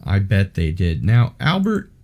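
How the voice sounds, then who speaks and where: Male podcast host, fairly low and warm, steady reader with dry asides. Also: unhurried, creaky, muffled recording. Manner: dry, wry asides between steady reading. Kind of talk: podcast interview, reading case reports aloud.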